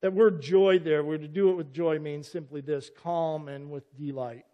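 Earnest pastor preaching in a reverberant church. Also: male voice, on the high side, steady tone, moderate pace, highs cut off. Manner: earnest, emphatic, often breaks in with "listen". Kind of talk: sermon. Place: church sanctuary.

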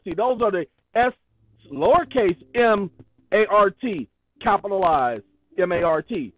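A man's voice: high voice, lively intonation, moderate pace, no room sound. A man hosting his own video, talking casually and emphatically as he reads out parts of a court ruling. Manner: emphatic, repetitive, preachy. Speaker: online video host. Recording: tinny phone-like sound.

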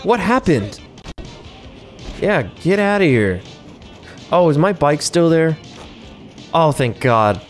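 A man's voice: a little high, very animated, slow pace, long pauses, soft background music. A young man giving casual, sarcastic gameplay commentary, swearing freely and chuckling to himself.

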